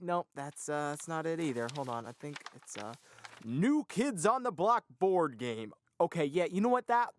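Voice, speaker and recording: A man hosting a comedic video-game show, goofy and self-mocking with bursts of hype. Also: fairly high pitch. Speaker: host. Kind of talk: comedic video-essay narration. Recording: music playing loudly behind.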